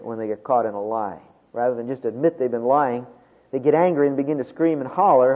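A man preaching a sermon, with dramatic swings from loud emphasis to hushed tones. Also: on the high side, slightly rough. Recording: tinny phone-like sound with long hall reverb.

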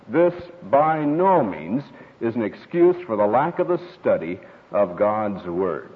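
Tinny-sounding preacher man, lively pitch. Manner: storytelling, expressive with quoted voices. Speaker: pastor. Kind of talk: sermon. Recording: tinny radio broadcast with long hall reverb.

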